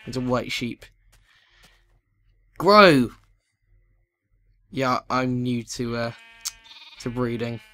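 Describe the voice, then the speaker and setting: A man giving excitable let's play commentary, chatting to the animals in the game. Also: medium pitch, a little slow.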